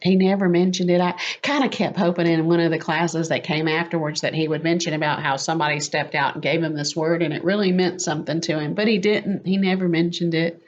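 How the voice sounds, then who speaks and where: A woman telling a lively, self-mocking personal faith story as a testimony. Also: fairly low pitch. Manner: animated, quick and self-mocking. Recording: slightly muffled lo-fi audio.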